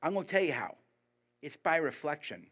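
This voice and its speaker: A man giving a sermon as a guest preacher, lively and emphatic, putting rhetorical questions to the congregation. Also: brisk. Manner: lively and emphatic, pitch rising on key points.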